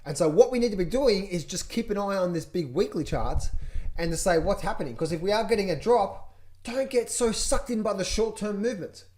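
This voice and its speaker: A man's voice: sits high, a little fast, darkish tone. A man coaching traders through charts, talking to viewers with energy and lots of repetition, sometimes mimicking panicked traders. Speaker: trading coach. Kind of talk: chart walkthrough, direct to viewers.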